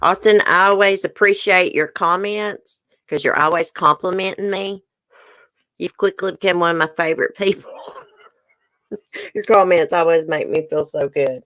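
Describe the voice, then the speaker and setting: Middle-aged Southern woman, livestream host, low and chatty, dry close sound. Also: normal speed, a bit bright, no echo. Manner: chatty, laughs often, says y'all. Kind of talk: casual livestream chat with viewers. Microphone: webcam or phone close up.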